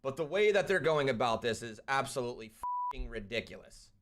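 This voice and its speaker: A young man hosting a live stream, ranting and commenting on a clip, swinging between loud outbursts and quieter asides. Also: mid-range voice, animated, a little fast. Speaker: streamer host.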